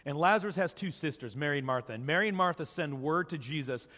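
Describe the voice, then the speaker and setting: A man's voice: a little high, quick pace, hardly any pauses, sharp tone, in a large hall. A man preaching a sermon as pastor, telling the story casually and acting out the quoted voices of the people in it.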